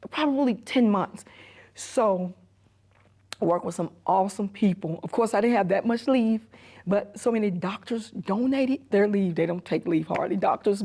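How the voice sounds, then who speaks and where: Middle-aged woman, hushed halting testimony. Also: mid-range voice. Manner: halting, repetitive retelling, often sinking to a hushed near-whisper. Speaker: emergency room nurse and grieving mother. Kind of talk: personal testimony in a documentary interview.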